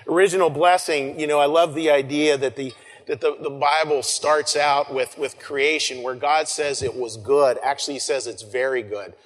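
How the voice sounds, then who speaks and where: A male pastor delivers an Easter sermon in a loose, conversational way, circling back on his words and letting phrases trail off softly. His voice sits a little high for a man. The sound carries a long reverb from a large hall. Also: fairly even intonation, normal speed. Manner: conversational, with frequent restarts and soft trailing phrases.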